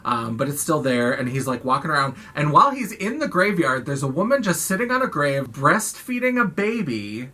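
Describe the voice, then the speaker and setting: Female vlogger, casual and profane film recap, bright forward tone. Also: low voice, sing-song, moderate pace, hardly any pauses. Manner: chatty, profane, lots of "like".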